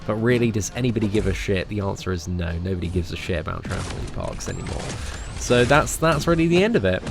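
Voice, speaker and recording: A young man, chatting cheekily with viewers on a late-night live stream, swearing casually and calling everyone mate. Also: fairly low pitch.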